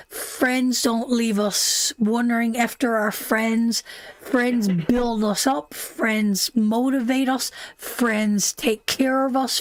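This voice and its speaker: A woman's voice: fairly high pitch, no room sound. A woman hosting a live tarot reading, who talks affectionately to viewers, calls them sweetheart and my darling, and repeats her points emphatically. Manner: emphatic, repeats phrases over and over.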